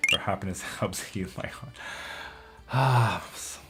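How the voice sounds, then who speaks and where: With heavy background noise behind him, a man speaks slowly in a low voice while hosting a live tarot stream. His casual chat includes reading viewers' comments; he's loose and profane, laughs a lot, and gets openly emotional and affectionate.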